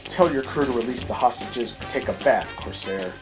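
A man voicing a calm, confident male caped crime-fighter in a plain, non-gravelly voice, reading a comic-book ad aloud. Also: medium pitch, normal speed, music in the background, close to an everyday voice. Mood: steady.

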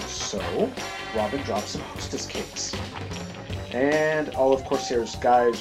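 A man's voice: medium pitch, unhurried, music in the background, poor audio. A man hosting a podcast, giving casual, rambling commentary with self-deprecating asides. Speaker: podcast host reviewing comics.

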